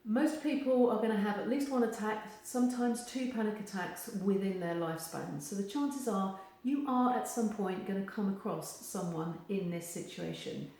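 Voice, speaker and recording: A woman gives advice straight to camera, animated and acting out the voices she quotes. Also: medium pitch, normal speed, few pauses. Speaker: therapist giving advice. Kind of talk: direct-to-camera advice video. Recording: very echoey room.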